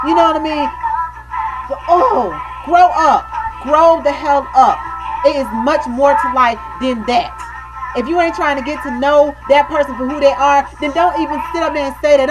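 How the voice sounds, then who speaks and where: A high-pitched woman vlogger speaks straight to her viewers in a heated, emphatic rant. She keeps checking in with "you know what I mean" and calls her audience baby. Loud music plays behind her voice. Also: low-quality recording. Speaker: video blogger. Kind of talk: impassioned webcam rant.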